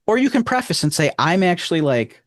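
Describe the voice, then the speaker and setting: Rochester-accented male co-host, earnest rambler, higher voice, dry close mic. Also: big pitch swings, a little fast, dry recording. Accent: Rochester, New York. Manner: rambling, earnest, emphatic swings in pitch. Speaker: podcast co-host. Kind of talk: casual chat.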